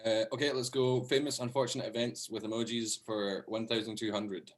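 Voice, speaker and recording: A man's voice: fairly low pitch, little pitch movement, a little fast. Giggly male comedian telling crude jokes. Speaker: comedian contestant. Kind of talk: casual comedic banter.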